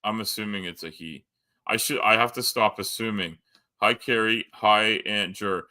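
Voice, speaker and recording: A man's voice: fairly low pitch, normal speed, sharp tone. Rambling Canadian man on a live stream. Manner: rambling, joking, lots of fillers. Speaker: host. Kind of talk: casual live-stream chat.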